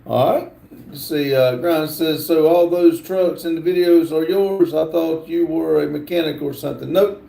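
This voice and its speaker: A middle-aged man, hosting a casual livestream and slowly reading viewer comments aloud with many fillers. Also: a little high, creaky, warm tone, echoey room. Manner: slow, drawling, reads chat aloud with many fillers. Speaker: livestream host.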